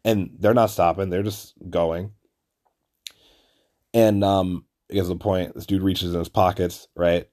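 A man's voice: deep voice, moderate pace. A man hosting a podcast, telling a rambling, profane story with lots of fillers and restarts, acting out the people he quotes. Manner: acts out quoted people in animated bursts. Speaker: podcast host. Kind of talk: casual storytelling monologue.

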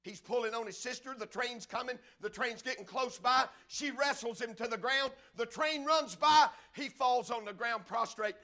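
A man preaching a sermon as a story, swinging from loud impassioned cries to hushed, low telling. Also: moderate pace, hardly any pauses.

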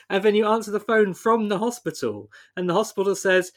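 Laughing podcast man with a high voice. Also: expressive, a little fast, few pauses. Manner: laughs often while retelling scenes. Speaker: podcast co-host. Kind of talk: casual chat.

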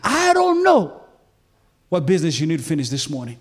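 Guy preaching a sermon, high voice swinging all over, pleading, keeps asking you feel me. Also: wildly swooping pitch, fairly quick. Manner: impassioned, pleading, often asks "you feel me?".

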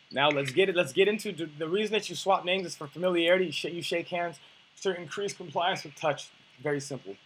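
A man's voice: fairly high pitch, husky. A young man coaching on dating, talking bluntly and casually, with profanity and many restarts.

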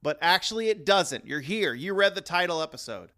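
A man's voice: sits high, lively intonation, brisk, pushed and bright. A man hosting a podcast in loose banter who rambles and laughs often. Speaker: podcast host.

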